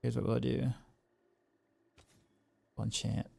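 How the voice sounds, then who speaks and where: A man's voice: mid-range voice, little pitch movement, takes it slowly, vocal fry, a little mellow, slightly rough, no echo. A man casually commenting on his game as he streams, rambling and often restarting his sentences. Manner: rambling, repeats words, laughs easily. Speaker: game streamer and music teacher.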